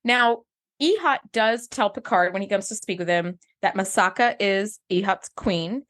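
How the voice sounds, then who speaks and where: A woman's voice: medium pitch, animated, moderate pace, fairly bright tone. A woman co-hosting a podcast in casual chat. She sounds enthusiastic, swears casually and drifts into personal asides. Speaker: podcast co-host. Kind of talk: casual episode recap chat.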